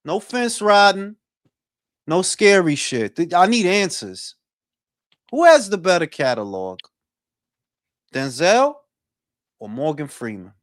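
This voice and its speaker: A man hosting a casual talk show, animated and profane, laughing often. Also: high voice, takes it slowly, pauses often, no room sound, studio quality. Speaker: podcast host. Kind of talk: casual chat.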